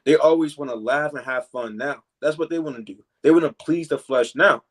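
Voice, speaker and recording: A man teaching from scripture in a relaxed preaching style, filling pauses with "man" and "you know" and reading verses slowly. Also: fairly high pitch. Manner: reads verses slowly and deliberately.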